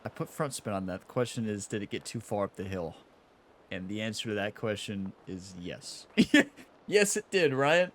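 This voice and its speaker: Over golf gameplay on his own channel, a young host chats in a lowish voice at a moderate pace, with a slight hiss or hum in the audio. He laughs often, flipping from frustrated to excited.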